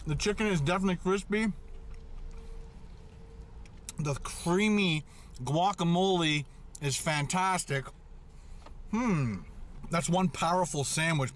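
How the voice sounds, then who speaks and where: A man's voice: a little high, slow pace, long pauses, a little hiss or hum. Middle-aged man reviewing food with mouth full. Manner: eating while talking, mouth full. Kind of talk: casual food review vlog. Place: in a car.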